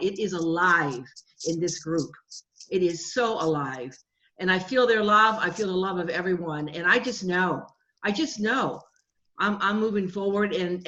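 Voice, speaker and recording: A woman's voice: medium pitch, pushed and bright, highs cut off. A woman coaching client giving an earnest, emotional testimonial on a group video call, often stumbling and repeating words. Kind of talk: heartfelt spoken testimonial.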